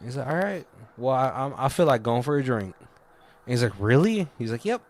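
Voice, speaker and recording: A man with a medium-pitched voice talks fast as co-host of a casual movie review podcast. He retells scenes with loose impressions and laughs often.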